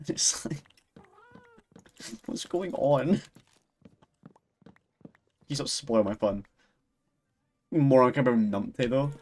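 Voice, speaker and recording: Scottish male streamer, young, mid-pitched, chatty and sweary, rambles and giggles through his restarts. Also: measured pace, pauses often, darkish tone. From Scotland. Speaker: live streamer. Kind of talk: casual chat with stream viewers.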